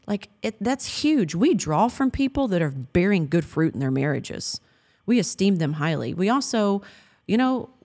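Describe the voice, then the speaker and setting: A woman's voice: mid-range voice, darkish tone. A woman in her thirties co-hosting a Christian marriage talk, speaking earnestly and affectionately and quoting scripture. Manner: earnest and affectionate, laughs often, quotes scripture. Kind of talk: heartfelt faith-based chat.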